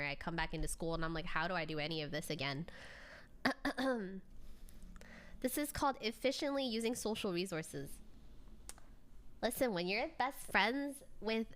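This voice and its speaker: A young adult woman streamer reacts to a video, chatting casually and telling stories with frequent laughs and casual swearing. Her mid-range voice is a bit bright.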